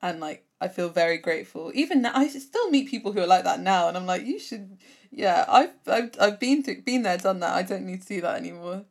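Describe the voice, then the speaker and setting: A woman's voice: lowish voice, expressive, fairly quick, vocal fry, hardly any pauses. A woman co-hosting a podcast, chatting in an easygoing, giggly way with plenty of fillers. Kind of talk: casual chat.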